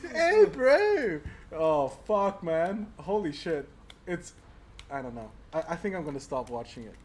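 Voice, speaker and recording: A man's voice: a little high, normal speed, a little mellow, slight background noise. A man co-hosting a livestream in casual banter who swears freely, laughs often and acts out quotes. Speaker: livestream co-host.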